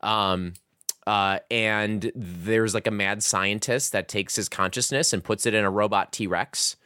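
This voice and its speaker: A man with a slightly low voice chats casually about video games. He rambles loosely, leaning on filler words like "like" and "um". The recording is dry and close. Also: fairly even intonation, unhurried, bright, forceful tone, smooth, no room sound. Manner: rambling, heavy use of "like" and "um". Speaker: podcast host reviewing a video game. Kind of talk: casual chat.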